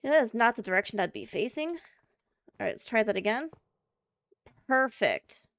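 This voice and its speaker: A woman's voice: a little high, sing-song, normal speed, fairly bright tone, dry recording, studio quality. A woman streamer chatting casually and thinking aloud while playing a game. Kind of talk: casual live-stream chat while gaming.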